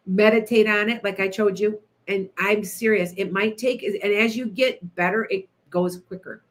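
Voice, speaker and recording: A middle-aged woman hosting an internet radio show, telling stories in a chatty, animated way, laughing often and talking to listeners by name. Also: medium pitch, normal speed. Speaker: radio show host, psychic. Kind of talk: casual storytelling to listeners.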